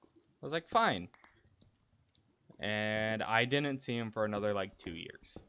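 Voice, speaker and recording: With a fairly low, fairly bright voice at normal speed, a young man streams a game and tells a personal story casually. He's candid and rambling, with many restarts, and the stream audio is dull and lo-fi with a faint hiss of noise.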